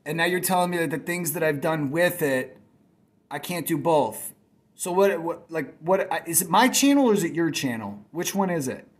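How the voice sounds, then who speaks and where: A man's voice: fairly high pitch, lively intonation, moderate pace. A man hosting his own channel, answering a critic with heated, profane commentary. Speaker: channel host. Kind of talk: reaction commentary.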